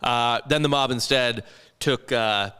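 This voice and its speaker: A man's voice: mid-range voice, a little slow, bright, forceful tone, clear, resonant tone. A young man casually telling a history story on a comedy podcast, rambling and profane, sometimes slipping into put-on voices.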